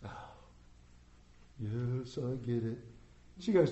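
A middle-aged pastor preaching a sermon, telling folksy stories with self-deprecating humor. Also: male voice, medium pitch, a little slow, mellow, reverberant.

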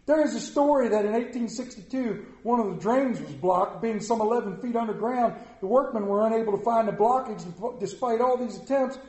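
A middle-aged pastor preaching a sermon, telling folksy stories with self-deprecating humor. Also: male voice, very high voice, fairly quick, few pauses, darkish tone, echoey room.

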